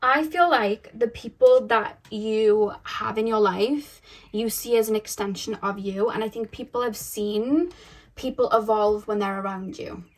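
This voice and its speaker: A woman giving a pick-a-card tarot reading to her viewers, talking in a gentle, unhurried and intimate way. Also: fairly high pitch, low-quality recording.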